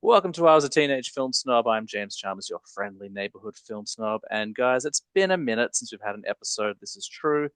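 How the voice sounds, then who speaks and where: A man's voice: medium pitch, animated, fairly quick, few pauses, a bit bright, clear, resonant tone, no room sound, low-quality recording. A man hosting a podcast, chatting in an upbeat, casual way with frequent ums and uhs. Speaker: podcast host.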